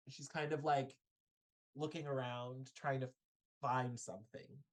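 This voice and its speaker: A woman's voice: extremely low pitch, steady tone, a little slow, long pauses. A woman narrating as game master of a tabletop game, describing scenes expressively.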